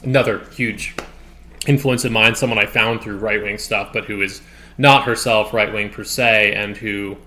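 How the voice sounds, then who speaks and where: A man hosts a relaxed podcast conversation, rambling in a loose, think-aloud way. His voice sits a little low, with a bright, forceful edge. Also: normal speed, slight background noise. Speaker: podcast host. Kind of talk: casual podcast interview.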